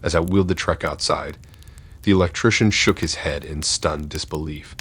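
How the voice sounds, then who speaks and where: A man reading horror stories aloud in a steady, dark scripted narration. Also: extremely low pitch, moderate pace, slightly rough.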